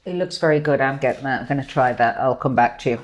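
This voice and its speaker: A woman in her fifties, co-hosting a casual chat and asking eager, animated questions. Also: very deep voice, quick pace. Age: 50s. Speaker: co-host. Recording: roomy echo.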